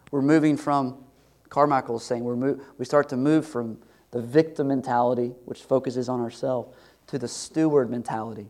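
A man's voice: medium pitch, fairly even intonation, normal speed, darkish tone. Male pastor, mid-range voice, earnest conversational sermon delivery. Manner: earnest, conversational preaching with rhetorical questions.

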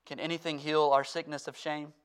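A pastor in full sermon mode, a man with a smooth, resonant voice pitched a little high. He presses hard and loud on key points, then drops to a quiet, close appeal to his congregation. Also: flat delivery, a little fast. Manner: earnest preaching that swings from forceful to hushed. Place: church.

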